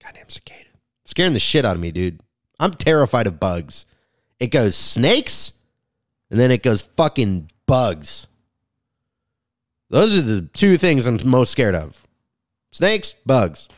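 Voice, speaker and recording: A man's voice: mid-range voice, big pitch swings, slow pace, pauses often, dry recording, clean studio sound. A comedian rambling crudely through a casual podcast monologue, recorded in his garage. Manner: rambling, crude, self-interrupting. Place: home garage.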